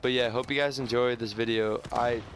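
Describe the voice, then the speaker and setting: A sixteen-year-old boy, casually telling a story over gameplay in a halting, rambling way full of restarts and stutters. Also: medium pitch, fairly even intonation. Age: teens. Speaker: gaming YouTuber. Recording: faint gunfire from game audio. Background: video game gunfire.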